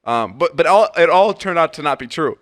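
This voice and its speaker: A young man hosting a podcast in casual chat. He is animated, swears often and restarts his sentences. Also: a little high, fairly quick, no room sound, clean studio sound. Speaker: podcast host.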